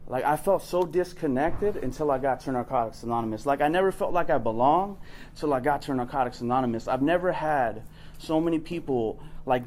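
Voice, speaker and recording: A man's voice: a little high, darkish tone. A young man from the Los Angeles area giving a candid, profane recovery share at a workshop, speaking in a street-casual way full of "like" and "right?".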